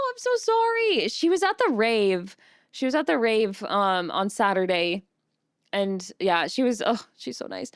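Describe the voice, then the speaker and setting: Bubbly high-voiced woman streamer. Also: dry recording, clean studio sound. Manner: bubbly, greets chat by name, giggly. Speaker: vtuber streamer. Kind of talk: casual live-stream chat.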